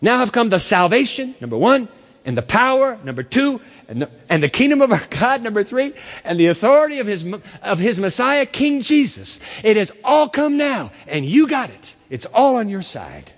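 Impassioned high-voiced preacher in a hall. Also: male voice, big pitch swings, moderate pace. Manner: impassioned, emphatic, with dramatic swings. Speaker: pastor. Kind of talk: sermon. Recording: echoey church hall.

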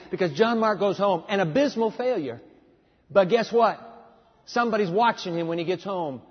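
A man preaching a dramatic storytelling sermon that acts out the dialogue, in an echoey hall on a dull lo-fi recording. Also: sits high.

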